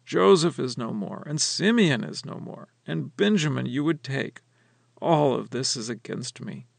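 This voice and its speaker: A man's voice: medium pitch, sing-song, unhurried, gravelly, no room sound, heavily acted. A man reading as Jacob, a grieving old father. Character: grieving aged father of many sons. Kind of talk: scripture reading.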